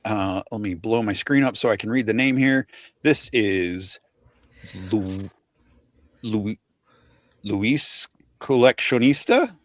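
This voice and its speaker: A man's voice: lowish voice, slow pace, long pauses, dry recording, clean studio sound. A man in his forties hosting a casual livestream chat, rambling and self-deprecating, tripping over names as he reads them out. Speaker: podcast host.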